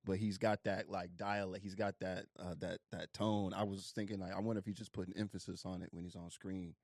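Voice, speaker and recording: A man hosting a casual podcast chat, talking in a low-key, quiet way. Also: flat delivery, brisk, no echo, clean studio sound.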